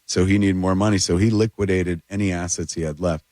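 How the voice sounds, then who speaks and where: A man, a filmmaker guest telling animated, rambling stories in a casual studio chat. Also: low voice, a little fast, dry recording. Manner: animated, rambling anecdotes with lots of "like" and "dude". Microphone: radio studio mic.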